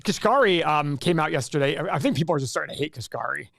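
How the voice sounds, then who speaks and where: A man's voice: a little high, lively intonation, fast, creaky, a bit bright, no room sound, studio quality. A man hosting a casual live stream and answering viewer questions in a chatty, rambling way with frequent restarts. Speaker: livestream host.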